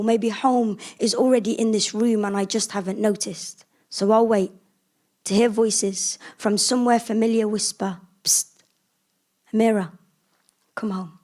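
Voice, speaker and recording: A woman's voice: a little high, darkish tone. A young woman from England performing spoken word poetry at a conference, with a rhythmic, emphatic delivery. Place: conference room before an audience.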